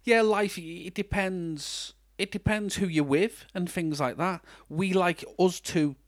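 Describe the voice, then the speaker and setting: A man's voice: sits high, slow, no room sound, studio quality. A man co-hosting a casual podcast, chatty and self-mocking, talking with lots of restarts. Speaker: podcast co-host. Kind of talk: casual chat.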